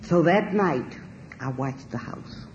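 A woman giving a spoken personal testimony, animated and emphatic, swearing freely and laughing as she tells it. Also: low voice, slow pace, dull audio, noisy background. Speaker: storyteller sharing a personal testimony.

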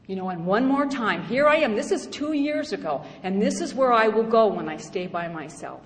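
A middle-aged woman giving a personal testimony at a recovery meeting. She tells it in an animated, humorous way and acts out other voices. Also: medium pitch, moderate pace, hardly any pauses. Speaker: speaker sharing her story at a recovery meeting. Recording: echoey hall with faint background noise.

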